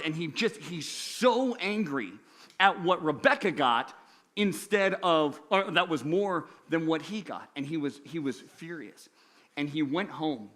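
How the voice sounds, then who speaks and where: A young man, a youth pastor, telling a story in a sermon, animated, acting out the characters' lines. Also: on the high side.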